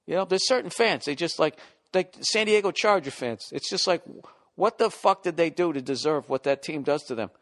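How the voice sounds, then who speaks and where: A man's voice: a little high, animated, normal speed, a bit bright. A middle-aged man ranting casually and profanely as a podcast host, sounding exasperated.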